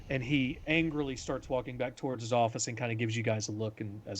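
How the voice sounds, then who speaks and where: A man running a tabletop game as game master, narrating in a quick, relaxed way. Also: medium pitch, a little hiss or hum.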